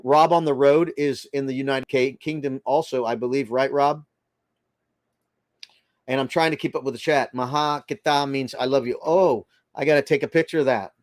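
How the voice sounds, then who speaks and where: A man's voice: mid-range voice, no room sound. Older guy rambling on his livestream, reads the chat out, dry close mic, no room sound. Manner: rambling, chatty, reads viewer comments aloud. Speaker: livestream host reading chat.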